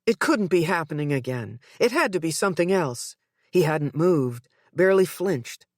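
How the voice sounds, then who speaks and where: A woman narrating a psychological thriller audiobook in the first person, with tense, measured storytelling. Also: low-pitched, very animated, a little mellow, no echo, clean studio sound.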